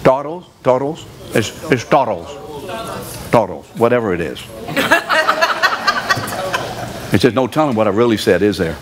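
A man's voice: on the low side, expressive, brisk, crowd noise. A man in his seventies preaching a sermon in a church, driving his point home by repeating key words and throwing questions at the congregation. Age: 70s.

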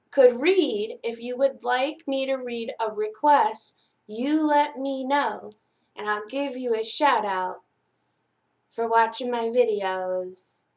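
A young woman, a children's librarian, talking animatedly to kids before a story time reading. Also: on the high side. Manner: animated, speaking directly to kids.

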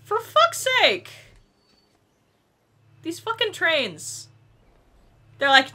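A young woman giving excitable let's play commentary, yelling and laughing at the game. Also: extremely high pitch, slow pace, long pauses. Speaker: gaming YouTuber.

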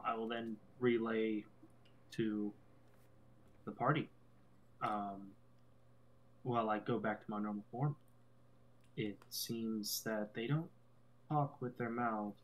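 A man playing a tabletop game, speaking casually and quickly while explaining to the party. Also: on the low side.

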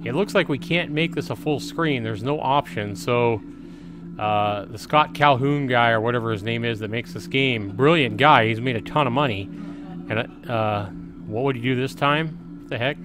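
Over music, a middle-aged man with a mid-range voice talks through a let's-play from home at a moderate pace. The gaming channel host is chatty and reads the game's text out loud as it appears.

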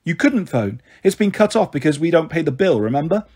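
A man voicing a timid, eager young girl in a storybook reading, soft and hopeful. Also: fairly high pitch, very animated, fairly quick, breathy edge.

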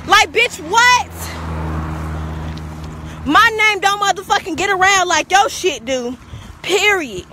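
A woman's voice: high-pitched, sharp tone, a little hiss or hum. A young woman ranting to the camera outdoors, profane, confrontational and emphatic. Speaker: vlogger. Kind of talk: heated rant to camera. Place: outdoors, walking to a store.

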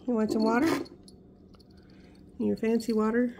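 A woman's voice: mid-range voice, unhurried, long pauses, darkish tone, slightly rough. A woman vlogging as a pet owner, chatting casually to her puppy in gushing baby talk.

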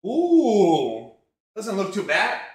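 A man's voice: sits high, wildly swooping pitch, drawn-out words. A young man from Mexico streaming live while he cooks, chatting casually in a rambling, profane way full of fillers. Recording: roomy home echo.

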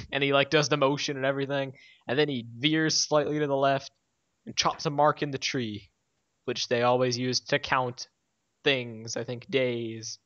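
A man's voice: mid-range voice, flat delivery, normal speed, a bit bright, clean tone, no room sound. A man recapping a cartoon episode in casual chat, rambling, laughing often and quoting the characters in jokey voices. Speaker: show co-host. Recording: dry, dull lo-fi mic.

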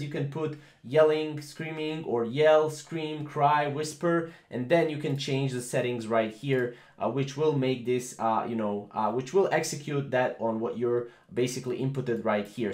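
A man with a voice on the high side and a darkish tone hosts a casual screen-recorded tech tutorial, and the sound is roomy. He rambles, using many fillers and repeating phrases.

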